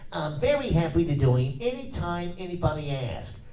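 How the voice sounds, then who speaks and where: Rapid-fire cartoon character voices. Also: male voice, on the high side, big pitch swings, mellow, pitched above the performer's own voice. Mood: cartoony. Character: a run of classic cartoon characters in quick succession. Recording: echoey convention hall, from a distance.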